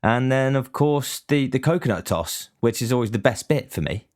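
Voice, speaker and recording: A young man telling a rambling, sweary story in a casual, deadpan complaining way. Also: mid-range voice, normal speed.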